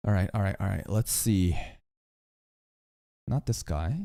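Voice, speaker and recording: A man's voice: sits low, unhurried, creaky, mellow. A man hosting a casual reaction livestream, swearing freely as he jokes and chats with his viewers.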